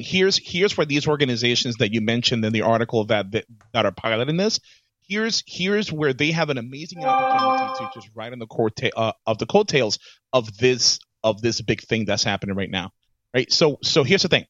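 A man co-hosting a casual podcast chat as an HR professional, animated and repeating his words as he starts each thought. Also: mid-range voice, fairly quick, no room sound. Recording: dull, slightly lo-fi dry sound.

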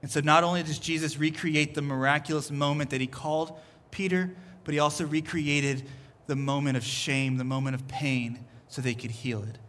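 A man's voice: a little high, fairly even intonation, moderate pace, hardly any pauses, fairly bright tone. A man preaching a sermon as pastor, earnest and repeating his phrases as he builds each point. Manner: earnest, repeats phrases, voices Jesus in quotes. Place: church service.

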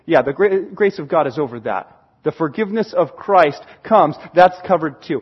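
A man's voice: on the high side, animated, normal speed, slightly rough, dull audio. A male pastor preaching a conversational sermon, reading scripture and acting out short scenes.

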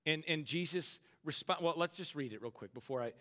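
Bright-voiced preacher man in a reverberant hall. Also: fairly high pitch, a little fast. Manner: conversational preaching with call-and-response to the congregation. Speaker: pastor. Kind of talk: sermon. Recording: long hall reverb with faint music.

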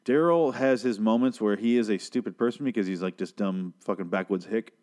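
A young man with a lowish voice rants through a TV recap. He swears freely, rambles, and drips sarcasm as he goes. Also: a little fast, a little mellow. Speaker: TV show reviewer. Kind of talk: casual recap rant.

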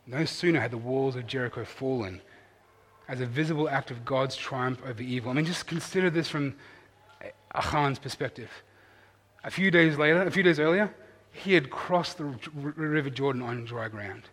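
A man preaching a sermon in an earnest, animated way, rising to loud emphasis and dropping to quiet asides. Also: mid-range voice, moderate pace, in a large hall. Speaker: pastor.

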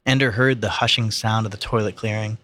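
Casual male reader, low voice, unpolished read-aloud. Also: steady tone, brisk, pushed and bright. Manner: plain, unpolished, with slips and asides. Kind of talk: casual reading of a novel aloud.

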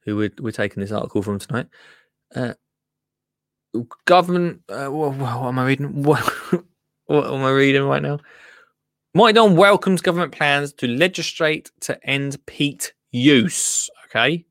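A man's voice: medium pitch, expressive, normal speed, fairly bright tone, no room sound, clean studio sound. A man hosting a podcast, reading out gardening news in a rambling, jokey way that keeps breaking off to comment. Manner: rambling, self-interrupting, jokey. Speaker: podcast host.

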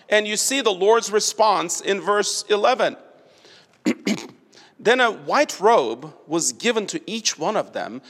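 A man preaching an expository sermon, deliberate and building to emphatic stresses. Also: high voice, a bit bright. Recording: long hall reverb.

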